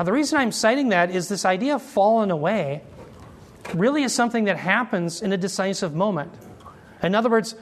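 A man teaching an expository sermon, explaining Greek terms slowly and asking his listeners questions as he goes. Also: high voice. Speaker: Bible teacher.

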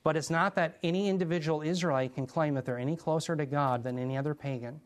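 A man's voice: fairly high pitch, fast. A middle-aged man teaching through a Bible passage verse by verse, earnest and putting rhetorical questions to his listeners.

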